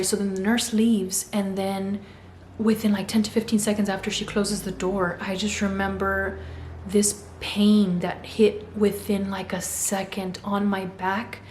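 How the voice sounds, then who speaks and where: A young adult woman telling a story in a casual way and acting out the voices she quotes. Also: mid-range voice. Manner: animated, acts out quoted voices. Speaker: vlogger. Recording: echoey room with faint hum.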